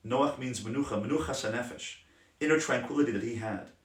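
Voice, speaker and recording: Rabbi guy teaching a class, passionate then soft, sounds far off in an echoey room. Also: mid-range voice, a little fast. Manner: passionate, emphatic, drops to soft gentle tones. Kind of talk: Torah class on parenting. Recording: roomy sound from a distant mic.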